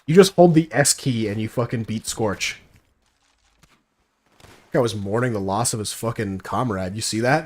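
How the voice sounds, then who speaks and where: A man's voice: medium pitch, darkish tone. A young man giving casual gameplay commentary, brash and profane, mocking as he tells stories. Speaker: gaming streamer.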